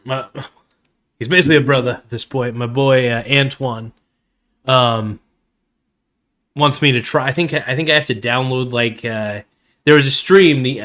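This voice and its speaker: A man chats loosely on a live stream, full of "um" and "uh" and friendly asides to his viewers. His voice is a little worn, as if he is starting to lose it. He sits in an everyday middle register, neither high nor low. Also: normal speed, a bit bright. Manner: rambling, filler-heavy, calls viewers "man" and "guys". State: slightly losing his voice. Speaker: fantasy football video host. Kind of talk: casual live-stream chat.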